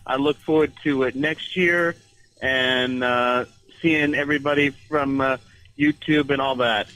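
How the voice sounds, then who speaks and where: Bright-toned male caller. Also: medium pitch, steady tone, low-quality recording. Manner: friendly, halting with fillers. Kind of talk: call-in chat.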